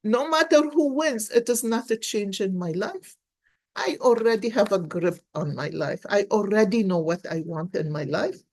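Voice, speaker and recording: A woman's voice: medium pitch, moderate pace, darkish tone. A woman in her sixties giving a casual card reading, telling stories earnestly with many restarts. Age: 60s. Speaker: tarot card reader and life coach.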